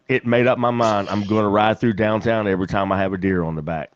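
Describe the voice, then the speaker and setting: A man's voice: fairly low pitch, fairly even intonation, quick pace, no echo, lo-fi sound. A man with a West Virginian accent, a podcast host telling folksy stories in casual chat and laughing often. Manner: folksy storyteller, laughs a lot.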